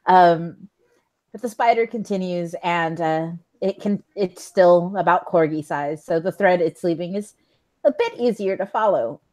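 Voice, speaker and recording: A woman with a lowish voice narrating as game master for a tabletop game. She takes her time, with plenty of ums and small laughs along the way. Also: a little slow, warm tone, rough recording. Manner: laid-back narration with many fillers and laughs.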